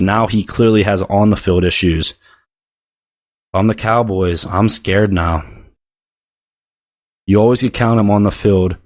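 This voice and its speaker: A man's voice: lowish voice, darkish tone. A man hosting a sports show, delivering a blunt, profane, heated rant about football. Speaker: sports podcast host.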